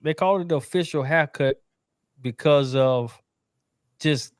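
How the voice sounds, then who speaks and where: A man's voice: fairly high pitch, a little slow, clean tone, no room sound, studio quality. A man hosting a podcast interview, asking questions with hesitant restarts. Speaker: podcast host.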